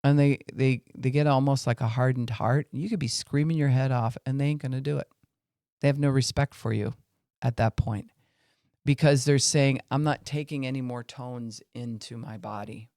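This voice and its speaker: A man's voice: mid-range voice, fairly even intonation, normal speed, a little mellow, dry recording. Male podcast teacher, earnest, mid-range voice, dry recording. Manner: earnest, acts out angry and weary voices to illustrate. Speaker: Christian podcast speaker. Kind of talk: teaching talk on faith and family.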